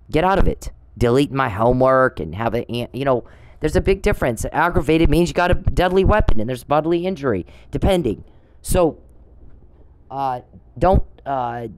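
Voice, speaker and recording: A man's voice: mid-range voice, a little mellow, slight background noise, poor audio. A man hosting a podcast, delivering an angry, profane, accusatory monologue full of repetition and restarts. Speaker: podcast host.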